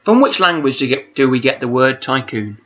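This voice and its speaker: A man's voice: mid-range voice, expressive, a little fast, bright, forceful tone. A man hosting a charity quiz over a video call, chatty and rambling, reading out each question twice. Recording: dull lo-fi call audio.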